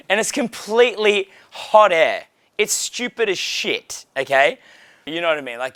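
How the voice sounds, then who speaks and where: A man's voice: on the high side, animated, a little slow, a bit bright, no echo. A young man coaching a small group in a casual way, blunt and profane, with frequent fillers. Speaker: dating coach.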